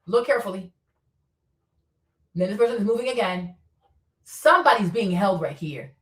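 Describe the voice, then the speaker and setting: A streamer with a medium-pitched, animated voice comments on footage at a normal speed, casually insistent and repeating herself as she walks through details one step at a time. She sounds far from the mic in an echoey room.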